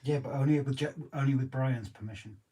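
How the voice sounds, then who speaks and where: A man's voice: medium pitch, fairly quick, dark tone. A man co-hosting a livestream in casual, cheeky chat while he works on a model. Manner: joking, cheeky banter. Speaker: co-host of a model railway livestream. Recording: distant mic with faint noise.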